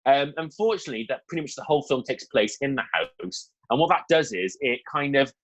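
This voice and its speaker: A man's voice: medium pitch, expressive, fairly quick, poor audio. A young man co-hosting a film review show, talking casually and candidly with lots of asides and fillers.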